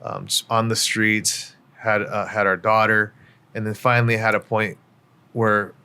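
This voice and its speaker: A man's voice: on the low side, flat delivery, a little slow, creaky, bright, forceful tone, clean tone. A middle-aged man speaking as a podcast guest, telling his life story in a candid, reflective way with many fillers. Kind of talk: personal story in casual interview.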